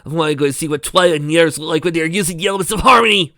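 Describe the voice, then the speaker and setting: An eager young dragon boy bubbling over with excitement, put on by a man reading a story aloud. The voice is bright and sits slightly higher than a plain speaking voice. Close and dry, with no room around it. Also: racing, dry recording. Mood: excited.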